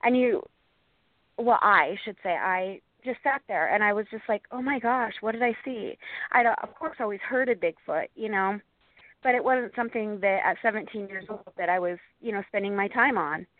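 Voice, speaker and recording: A woman in her forties from Montana, telling her story earnestly as an interview guest, in a halting way with many restarts. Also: mid-range voice, dry recording. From Montana, USA. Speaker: guest, Bigfoot researcher and author. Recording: tinny phone line, dry.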